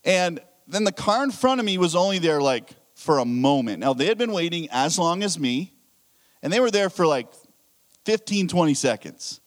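A man's voice: on the high side, moderate pace. A pastor preaching a sermon, telling a story and acting out his own thoughts. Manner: animated storytelling with acted-out inner thoughts.

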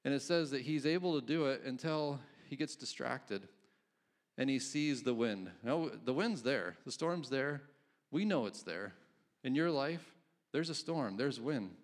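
Man, pastor, casual sermon, conversational, reads scripture, mid-pitched voice.

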